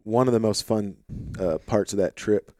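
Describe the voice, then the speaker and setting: A laid-back male podcast host with an Arkansas-tinged Midwestern accent and a low voice. He rambles easily with plenty of fillers. The sound is dry and close, with no room echo. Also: normal speed. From St. Louis, Missouri. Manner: relaxed, rambling, filler-heavy. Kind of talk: casual conversation. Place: home office.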